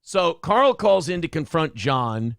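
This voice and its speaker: Ranting male host with gravelly voice. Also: on the high side, sing-song, slow, fairly bright tone, dry recording, clean studio sound. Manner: blunt, profane, ranting. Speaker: show host. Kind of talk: casual commentary on a clip.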